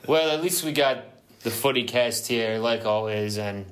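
A man's voice: mid-range voice, moderate pace, a little hiss or hum, close to an everyday voice. A man hosting a comedy podcast as a blustering English football fan in a put-on English accent. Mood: blustery. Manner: blustery, mock-dramatic. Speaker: podcast host.

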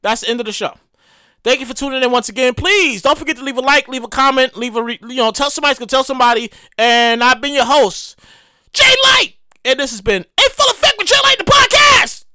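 Lady podcast host going off on a rant, high bright voice, cussing, repeating stuff for laughs. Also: fast, clear, resonant tone, dry recording. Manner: animated, profane, repeats phrases for comic effect. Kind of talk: solo comedic podcast rant.

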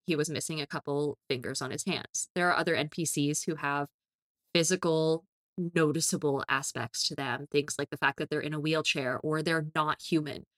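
A woman's voice: low-pitched, fairly even intonation, normal speed, fairly bright tone, dry recording, clean studio sound. A woman co-hosting a casual podcast about tabletop games, talking with energy and laughing often. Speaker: podcast co-host.

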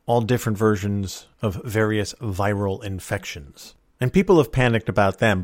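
A man's voice: on the low side, dry recording, clean studio sound. A middle-aged man hosting a solo podcast, talking in a folksy, opinionated and wry way. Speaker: podcast host.

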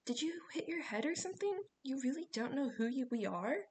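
Woman doing a worried teen girl, direct, higher voice, storybook. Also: expressive, fairly quick, a little mellow, a little hiss or hum. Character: caring teenage girl.

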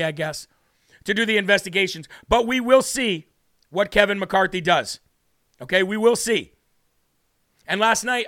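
A man's voice: high-pitched, pushed and bright. A man hosting a live talk show, giving fired-up political commentary, talking straight to his viewers and reading their chat messages aloud.

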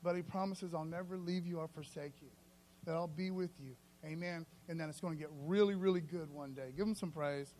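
A man preaching a sermon in a loose, conversational, storytelling way, often calling the listeners "man" and swinging between soft and loud. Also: fairly high pitch, fairly even intonation, fairly quick.

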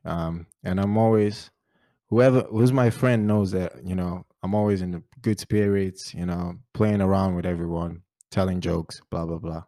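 A man's voice: low-pitched, no room sound, studio quality. A man whose first language is Portuguese, co-hosting a podcast, telling stories and joking with frequent laughter. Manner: joking, laughs often, animated storytelling. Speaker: podcast co-host. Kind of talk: casual chat.

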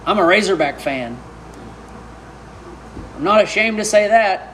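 A man's voice: high-pitched, animated, a little slow, a bit bright, a little hiss or hum. A middle-aged man from Arkansas, preaching a sermon with emphatic rhetorical questions. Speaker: pastor.

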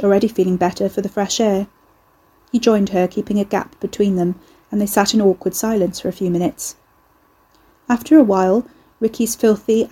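A woman narrates a storybook in a steady, dry manner. Her voice is mellow and warm, with a soft husky edge. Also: mid-range voice. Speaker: audiobook narrator.

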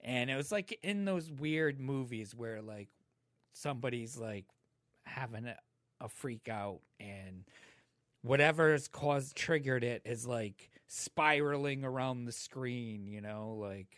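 A man's voice: medium pitch, slow pace, no echo, clean studio sound. Laid-back profane man telling a story. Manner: laid-back, profane, animated when quoting others. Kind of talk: casual storytelling among friends.

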